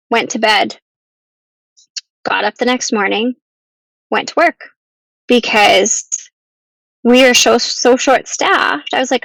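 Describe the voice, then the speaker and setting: Woman guest, earnest, halting, fairly high voice, gravelly, dry close sound. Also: a bit bright, dry recording, poor audio. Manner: earnest, halting, with restarts and ums. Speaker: podcast guest. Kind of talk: emotional personal story.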